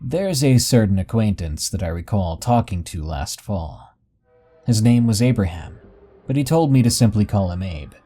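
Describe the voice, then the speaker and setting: Male horror storyteller, dark mellow tone, steady dramatic delivery. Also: lowish voice, moderate pace. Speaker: narrator. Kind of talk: scripted horror story narration.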